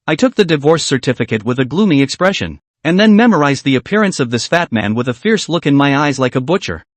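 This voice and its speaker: Male narrator, scripted first-person story recap, animated pitch, dry studio-close sound. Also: no room sound. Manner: steady storytelling read in short phrases.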